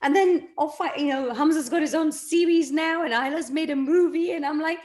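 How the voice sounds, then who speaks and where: A woman's voice: high voice, normal speed, darkish tone. A middle-aged woman from England, an actress chatting as a guest in a casual interview and laughing often.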